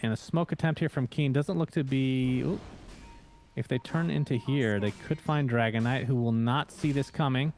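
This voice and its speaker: A man casting an esports match, giving quick, chatty play-by-play and laughing easily. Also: mid-range voice, a little mellow. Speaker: esports caster.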